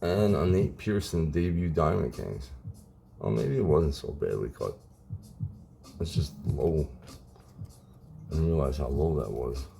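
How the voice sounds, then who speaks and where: Low-voiced laid back guy opening card packs, mellow tone, says man a lot, faint music behind. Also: expressive, measured pace, gravelly, long pauses. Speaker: card collecting YouTuber. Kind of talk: casual pack-opening vlog.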